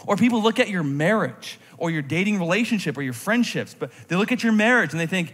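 A man preaching a sermon in a church, animated, moving between intense emphasis and quiet reflective moments. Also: high voice, fast talker, few pauses, breathy edge. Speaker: pastor. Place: church sanctuary. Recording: long hall reverb from a church sanctuary.

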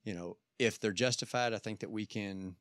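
Low-voiced man musing casually. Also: normal speed, fairly bright tone, no room sound, studio quality. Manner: musing, easygoing, jokey. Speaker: podcast co-host. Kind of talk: casual chat.

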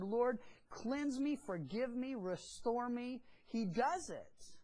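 A woman teaching a sermon in a lively, storytelling way, acting out the dialogue of biblical figures and adding humorous asides to the congregation. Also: fairly low pitch, poor audio. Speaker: Bible teacher.

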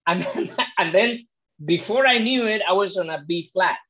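A man, a tenor and vocal coach, telling a story in a casual interview, excitable and full of restarts. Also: normal speed, lo-fi sound. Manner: animated, acts out quotes with big pitch jumps; frequent restarts and fillers, excitable.

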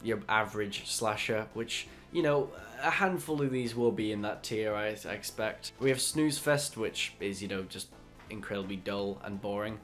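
A man's voice: fairly low pitch, normal speed, faint music behind. Nasal, congested man hosting a review. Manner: relaxed, chatty, loose phrasing. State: ill, congested. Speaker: horror film channel host. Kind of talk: casual review commentary.

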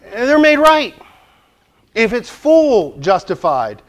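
A man's voice: extremely high pitch, very animated, takes it slowly. A man teaching a church Bible study class in a conversational way, asking the group questions and joking lightly.

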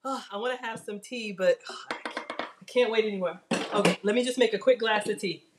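A woman runs a live cooking class from her home kitchen, chatting freely and getting excited as she cooks. Her voice sits at an ordinary pitch for a woman. She keeps turning to her online viewers as if they are in the room with her. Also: a little fast, heavy background noise. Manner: chatty, excitable, talks straight to viewers as y'all.

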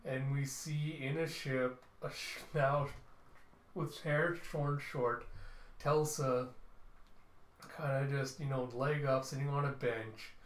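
A man's voice: medium pitch, fairly even intonation, slow, roomy sound. A man reading through a comic book, narrating the panels and voicing each character as he goes. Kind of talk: dramatic comic readthrough.

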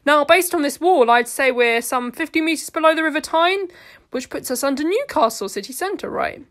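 A blunt, eccentric alien traveller fresh from waking, tossing out odd remarks in a flat, matter-of-fact way, as a woman reads the part. The voice sits a little high. It comes from a fan-made audio story. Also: normal speed. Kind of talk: fan audio drama reading.

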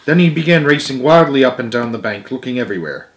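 A man reading a children's book aloud as storyteller, gentle, with small slips and self-corrections. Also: mid-range voice, expressive, fast, few pauses, slight background noise.

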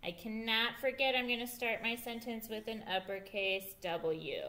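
A woman teacher giving an early reading lesson to young children, spelling words out slowly and praising them. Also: fairly high pitch, steady tone, pushed and bright. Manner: slow, clear spelling aloud and encouraging praise. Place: school.

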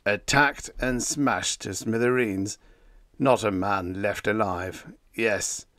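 A man voicing a stern, crusty old male spaceship captain with a gruff, growling delivery. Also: on the low side, slow, fairly bright tone, dry recording, studio quality.

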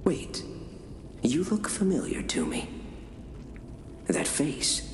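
An actor playing a deranged male cult leader who talks in a hushed, creeping whisper with sudden lilting rises. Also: on the high side, wildly swooping pitch, takes it slowly, slight background noise, heavily acted. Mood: fervent. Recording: game audio with roomy echo.

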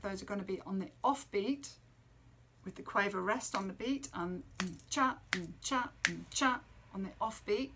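A woman with a bright, clear voice teaches a trumpet lesson from home, counting beats and singing rhythms for young pupils. Faint room noise hums behind her. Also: mid-range voice. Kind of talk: music lesson for children.

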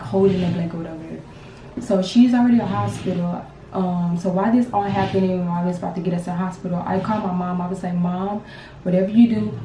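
A young woman in her twenties, a grieving mother telling her story to camera in a halting, repetitive, emotional way. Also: lowish voice, creaky, dark tone, a little hiss or hum. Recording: roomy sound from a distance.

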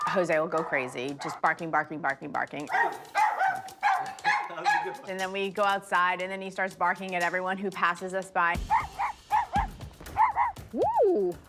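A woman earnestly explaining her dogs' behavior in an interview for a reality show. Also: on the low side. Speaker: dog owner on a reality show. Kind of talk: TV confessional interview. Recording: TV clip with music underneath.

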